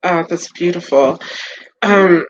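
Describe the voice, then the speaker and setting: A woman's voice: on the low side, takes it slowly, muffled recording, slight background noise. A woman hosting a podcast interview, musing thoughtfully aloud with many fillers and restarts. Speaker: podcast host. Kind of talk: interview conversation.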